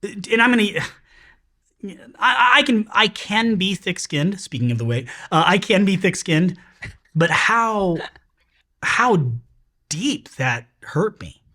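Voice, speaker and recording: Male host, earnest, rambling, lots of restarts, a bit high-pitched. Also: big pitch swings, slow pace, sharp tone. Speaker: podcast host. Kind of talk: casual chat.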